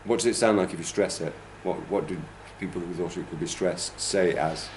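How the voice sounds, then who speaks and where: Man, teacher trainer, classroom lecture, demonstrates stress aloud, lowish voice, faint room hum. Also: brisk, echoey room. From United Kingdom.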